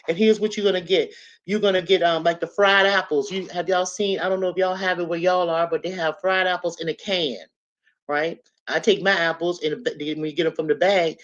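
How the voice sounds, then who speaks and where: A livestream host, talking fast and chatty, repeating instructions with plenty of "um"s and checking in with viewers. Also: mid-range voice, lo-fi sound. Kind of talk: casual livestream advice chat.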